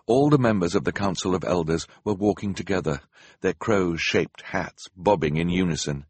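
A man's voice: deep voice, normal speed, darkish tone, slightly rough, no echo. A man narrating a children's novel as an audiobook, reading expressively and dramatically. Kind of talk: storybook narration.

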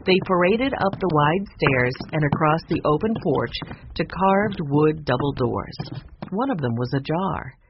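A narrator reading a children's chapter book aloud in an expressive storybook style. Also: mid-range voice, unhurried. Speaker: audiobook narrator. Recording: dull lo-fi recording with faint noise.

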